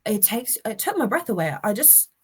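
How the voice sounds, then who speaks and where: Woman, guest on a casual podcast chat, chatty storyteller, higher voice. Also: sing-song, a little fast, breathy edge. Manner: chatty storyteller with many restarts.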